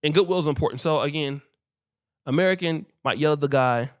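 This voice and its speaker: A man hosting a podcast who tells stories in casual chat, animated and swearing freely while acting out what people said. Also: on the high side, fairly quick. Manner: animated, acts out quoted dialogue, swears freely. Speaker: podcast host.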